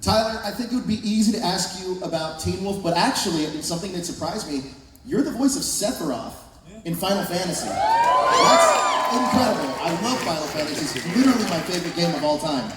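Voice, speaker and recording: A man's voice: sits high, lively intonation, quick pace, crowd noise. A man moderating a convention panel, asking questions with a fan's enthusiasm. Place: large convention hall with an audience. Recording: echoey hall recording from far off with background noise.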